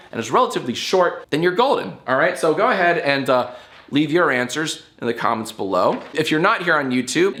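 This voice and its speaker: A man hosting his own YouTube show, talking casually to the camera in a playful way, with his pitch jumping up and down as he spells things out. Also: fairly bright tone.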